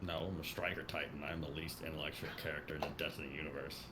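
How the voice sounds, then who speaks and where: A man's voice: very deep voice, flat delivery, fast, background noise. A man hosting a podcast, reading chat questions and joking in a dry, self-mocking way. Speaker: podcast host.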